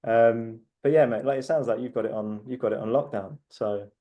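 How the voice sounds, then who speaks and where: A man's voice: medium pitch, brisk, muffled recording. A man in his thirties, a podcast guest, talking candidly in a rambling way full of "like" fillers. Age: 30s. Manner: rambling, heavy use of "like" fillers. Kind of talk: candid casual conversation.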